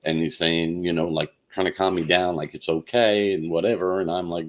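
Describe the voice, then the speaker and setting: A man telling a personal story in a halting way, with many fillers and restarts. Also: deep voice, fairly even intonation. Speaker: channel host.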